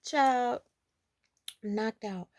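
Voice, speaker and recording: A young woman, casually telling a childhood story in a playful, animated way, talking straight to her viewers. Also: on the high side, very slow, no room sound, clean studio sound.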